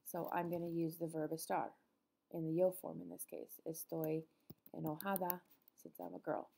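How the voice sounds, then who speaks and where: Middle-aged woman, patient teacher, low gravelly voice. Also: animated, normal speed, dark tone. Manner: patient, explanatory, with frequent ums. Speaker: Spanish teacher. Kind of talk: recorded classroom lesson.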